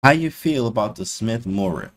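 A man streaming casually to his chat, slangy and animated, repeating his phrases. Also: fairly low pitch, moderate pace. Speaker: chess streamer.

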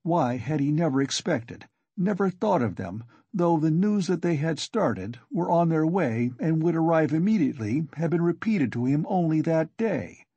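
Male audiobook narrator, husky, expressive pitch, dry close recording. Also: dry recording. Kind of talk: scripted narration.

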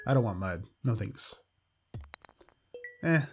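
Upbeat guy talking through his farming game, voice bouncing all over, soft game music in the background. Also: mid-range voice, expressive, slow, pauses often, slightly rough. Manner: chatty, upbeat, dryly sarcastic. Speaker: let's play host. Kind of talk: casual gameplay commentary.

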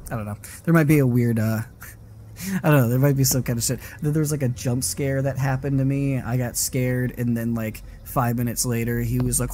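A man's voice: medium pitch, steady tone, moderate pace, mellow, slight background noise. A man streaming a horror game live, rambling and swearing casually as he plays. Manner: rambling, self-interrupting and swearing; frequent laughing asides. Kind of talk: casual live gaming commentary.

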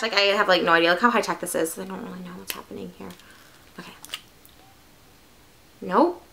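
A young woman vlogging an unboxing in a bubbly, excitable, gushing way. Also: medium pitch, quick pace, slight background noise. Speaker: beauty vlogger. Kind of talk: casual unboxing vlog.

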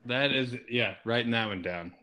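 A man co-hosting a casual beer podcast, excitable and jokey, often laughing and swearing as he tells stories. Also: medium pitch, moderate pace, a crowd in the background. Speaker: podcast co-host. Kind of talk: casual chat over beers.

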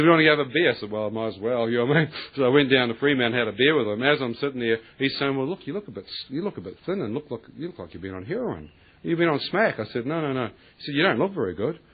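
Male preacher, husky voice on a tinny recording, tells his story with lively acted-out dialogue. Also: medium pitch, rapid-fire. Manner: animated storyteller, acts out voices, laughs often, colloquial. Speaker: preacher giving testimony. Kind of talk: testimony sermon.

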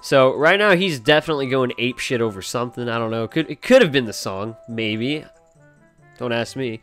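A man's voice: mid-range voice, moderate pace, fairly bright tone, faint music behind. A man giving casual, rambling and profane commentary on a video game from his home, joking as he plays. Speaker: gaming channel host. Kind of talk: casual let's play commentary.

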